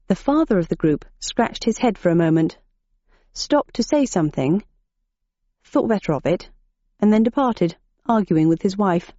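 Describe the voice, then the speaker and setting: A woman reading a novel aloud as a narrator, in a dry, measured manner. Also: medium pitch, lively intonation, dark tone, no echo. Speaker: audiobook narrator. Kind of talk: scripted narration. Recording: dull muffled audiobook recording.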